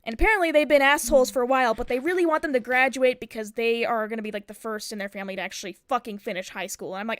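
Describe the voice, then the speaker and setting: A woman's voice: sits high, fairly quick, no echo, clean studio sound. A young adult woman from the United States, a streamer telling a story in a casual, rambling way, swearing a lot and leaning on fillers. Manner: profane, rambling with many fillers.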